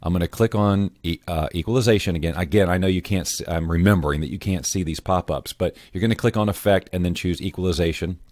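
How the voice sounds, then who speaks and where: A man walking viewers through an audio editing tutorial in a casual, self-correcting way, often clearing his throat. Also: low voice, fast, hardly any pauses, a little mellow, dry recording. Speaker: voiceover tutorial host. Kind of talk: screen-recorded software tutorial.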